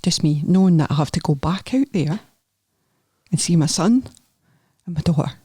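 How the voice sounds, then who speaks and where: A middle-aged woman with a Scottish accent, a nurse therapist talking as a guest on a podcast, chatty and animated as she tells her story. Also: low voice, normal speed, breathy edge, no echo, clean studio sound. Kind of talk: candid podcast conversation.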